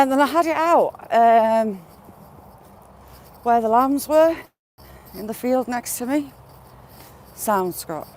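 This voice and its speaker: Live-streaming from a phone on a gimbal with a headphone wire, a woman walks outdoors among fields and hedgerows, chatting casually with viewers by name and cooing at animals. Her voice is fairly high and a little mellow, with slight background noise.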